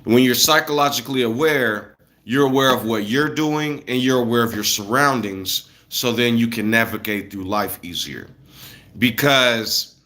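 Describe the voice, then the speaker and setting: A man in his thirties from the United States rants casually to viewers, loose, slangy and blunt. His voice sits at a medium pitch with a bright, forceful tone.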